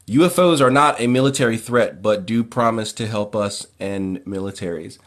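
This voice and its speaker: A man hosting a casual livestream Q&A who reads viewers' questions aloud and answers in a relaxed, plain way. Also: on the low side, normal speed, few pauses. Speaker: occult livestream host.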